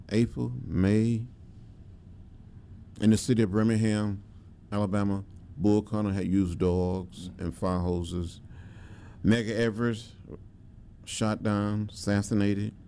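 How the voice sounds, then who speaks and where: Older guy recounting history in an interview, low mellow voice, slight hiss behind. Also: creaky. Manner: measured storytelling with emphatic pauses and fillers. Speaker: interviewee, civil rights veteran. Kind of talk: reflective oral history interview.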